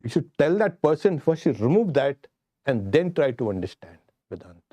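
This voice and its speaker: A man's voice: on the high side, very animated, normal speed, mellow, no room sound. A man teaching a Vedanta scripture class, acting out quotes and laughing often.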